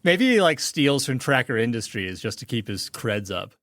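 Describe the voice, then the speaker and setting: A man's voice: medium pitch, sing-song, normal speed, a bit bright, slight background noise. A man co-hosting a podcast in casual chat, critically picking apart the logic of a cartoon plot. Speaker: podcast co-host.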